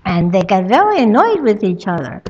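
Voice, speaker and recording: A woman spiritual teacher telling a traditional story in a slow, halting way, with many pauses. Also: medium pitch, big pitch swings, breathy edge, highs cut off. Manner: slow, halting, with fillers and soft asides.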